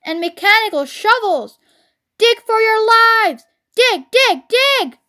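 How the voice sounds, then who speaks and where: A woman voicing a desperate male fox father who shouts at his family to keep digging. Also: very high voice, flat delivery, a little slow, voice pushed up, full character voice. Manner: shouting, urgent.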